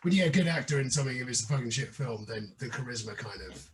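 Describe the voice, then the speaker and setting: A man co-hosting a casual wine podcast, sweary and quick to laugh. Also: mid-range voice, expressive. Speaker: podcast co-host. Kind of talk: casual chat over wine.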